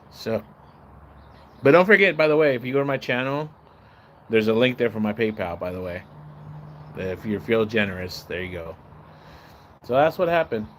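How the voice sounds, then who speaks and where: A man livestreaming, telling a long casual story in a rambling, profane way and acting out the shouts and voices of the people in it. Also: lowish voice, a little hiss or hum. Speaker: live streamer. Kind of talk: casual storytelling on a live stream.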